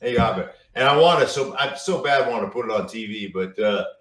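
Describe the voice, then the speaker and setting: In a casual storytelling interview, a middle-aged guest who works as a football analyst speaks briskly in a fairly bright mid-range voice with lively intonation. He rambles, leaning on fillers and repeating words, and the recording is roomy with the mic far away.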